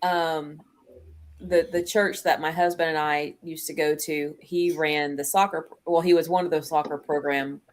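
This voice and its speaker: A woman's voice: sits low, steady tone, moderate pace. A woman hosting a casual live chat stream over a video call, chatty and laughing easily. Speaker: host.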